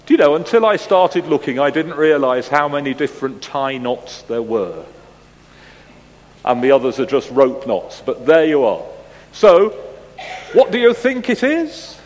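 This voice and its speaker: Pastor, male, conversational sermon with quiz questions, slightly higher voice, unhurried, church reverb. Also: animated. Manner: conversational and gently humorous, asks the congregation questions. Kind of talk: sermon with picture-clue quiz.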